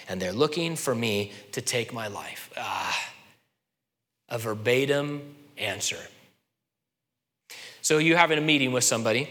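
A man preaching a sermon as pastor, expressive and dramatic, acting out quoted voices and dropping from loud to soft. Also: medium pitch, long reverb tail.

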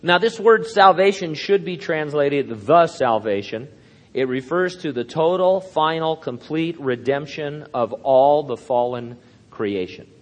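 A man's voice: a little high, expressive, measured pace. An older man, a pastor, preaching a sermon in a rambling, anecdotal way with self-deprecating humor. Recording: long hall reverb.

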